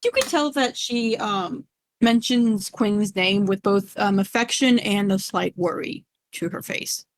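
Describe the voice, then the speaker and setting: A woman's voice: medium pitch, a little slow, no room sound, studio quality. A woman narrating as game master, chatty and rambling, laughing often.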